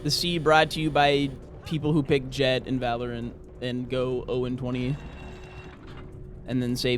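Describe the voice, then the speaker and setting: A man streaming a game, chatting casually with viewers in a joking way, dropping to mumbles and jumping up to high-pitched yelps as he laughs along. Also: level tone, unhurried, slight background noise. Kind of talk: casual livestream chat while gaming.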